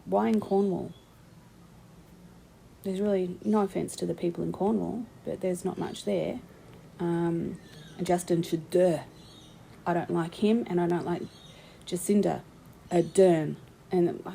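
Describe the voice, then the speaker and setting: A woman's voice: fairly low pitch, fairly even intonation, measured pace, vocal fry, dark tone, slight background noise, low-quality recording. A woman, giving rambling, opinionated commentary full of ums as she talks through her screen. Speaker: vlogger. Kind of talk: casual screen-share commentary.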